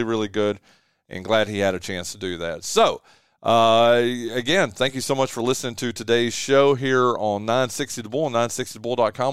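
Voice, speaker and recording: A man hosting a local radio talk show, signing off in a relaxed, drawn-out way with plenty of "uh" and "man". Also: medium pitch, smooth, no echo, studio quality. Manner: easygoing, drawn-out with many "uh"s and "man"s. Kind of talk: casual radio sign-off and chat. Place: radio studio. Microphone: studio microphone.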